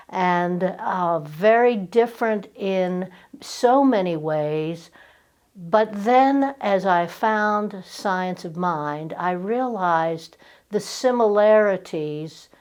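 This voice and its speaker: A woman's voice: medium pitch, a little mellow. A woman from Virginia with a slight Southern accent, giving a conversational sermon talk and telling personal stories. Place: church.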